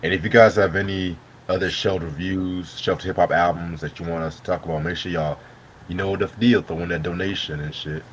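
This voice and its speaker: This man speaks low-pitched and fairly quickly, his intonation fairly even, with slight background noise. While eating dinner, he hosts a casual live stream, laughing and cursing his way through easygoing chatter.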